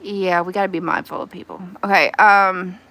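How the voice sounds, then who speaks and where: A woman with a Southern US accent, chatting casually with her livestream viewers from her phone, animated and quick to squeal and laugh. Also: fairly low pitch. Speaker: livestream host.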